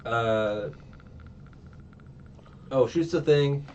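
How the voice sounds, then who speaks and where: A man's voice: lowish voice, drawn-out words, pauses often, darkish tone. A man casually recapping a movie plot, rambling with lots of ums and uhs and acting out the characters' lines. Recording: distant, muffled mic with faint noise.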